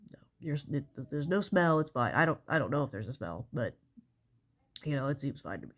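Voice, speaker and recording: A woman's voice: deep voice, lively intonation, normal speed, creaky. A woman with a stuffy, congested nose, doing a stand-up comedy bit in an exasperated, rambling way, swearing often.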